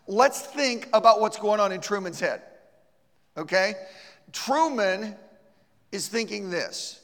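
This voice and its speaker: A man's voice: high voice, lively intonation, slow, long pauses, fairly bright tone. A man teaching a church class, who talks it through casually and acts out little scenes with a volunteer. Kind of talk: church teaching with a live role-play. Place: church hall. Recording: reverberant hall.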